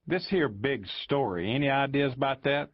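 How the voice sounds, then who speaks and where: A man's voice: mid-range voice, highs cut off, close to an everyday voice. A man doing a sly old Southern sheriff drawl. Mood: folksy sly. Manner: folksy, slow-witted act, sly. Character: shrewd old Southern small-town sheriff, feigning dumbness.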